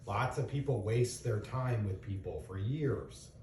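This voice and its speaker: A middle-aged father lectures his children earnestly, working through examples and asking them questions. His voice sits low and mellow. He sounds a little far from the mic, in an echoey room. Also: unhurried, a little hiss or hum. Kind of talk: casual lecture to kids.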